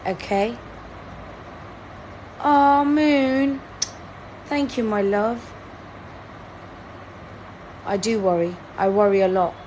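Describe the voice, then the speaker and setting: A woman's voice: mid-range voice, steady tone, slow, pauses often, a little mellow, a little hiss or hum. A woman, hosting a live-stream word-guessing game in a chatty, teasing, playfully dramatic way. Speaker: livestream host.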